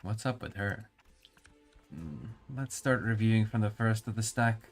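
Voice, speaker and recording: A man's voice: on the low side, measured pace, faint music behind. A male streamer reading game dialogue and narration aloud, musing and stumbling over hard words.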